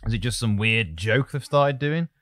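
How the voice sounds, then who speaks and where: A man's voice: medium pitch, lively intonation, normal speed, crowd noise. A man from the English Midlands hosting a podcast, telling a story in a joking, rambling way. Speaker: podcast host. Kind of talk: casual podcast chat.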